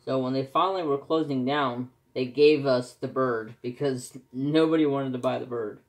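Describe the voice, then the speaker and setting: A man's voice: mid-range voice, steady tone, moderate pace. A man, chatting casually and rambling as he answers questions for his crafting vlog. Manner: rambling, folksy, self-correcting. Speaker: crafting vlogger. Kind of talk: casual chat.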